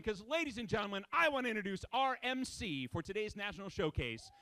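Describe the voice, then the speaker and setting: High-voiced man pumping up a crowd. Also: brisk, few pauses, no room sound. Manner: energetic, shouting commands to a crowd. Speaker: crowd warm-up host. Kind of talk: event crowd warm-up.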